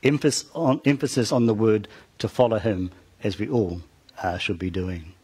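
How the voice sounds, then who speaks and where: A man preaching, retelling a Bible story with dramatic rises and soft, trailing ends, turning to the listeners with asides. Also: lowish voice, moderate pace, breathy edge. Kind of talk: storytelling sermon.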